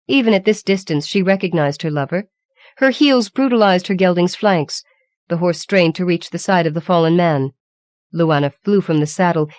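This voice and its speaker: A woman reads a fantasy audiobook as scripted narration, her storytelling measured and even. Her voice sits on the low side, and the recording is dry with clean studio sound.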